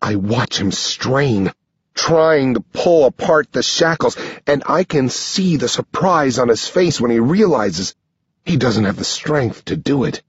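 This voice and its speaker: A man reading a first-person story aloud as an audiobook narrator, in slow, measured storytelling. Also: medium pitch, animated, breathy edge, dry recording, highs cut off.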